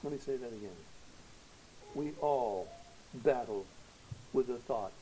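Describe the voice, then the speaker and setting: A man preaching a sermon to his congregation, earnest and emphatic, dropping to hushed tones and swelling to loud declarations, posing rhetorical questions. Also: medium pitch, unhurried, pauses often, slight background noise, poor audio. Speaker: pastor.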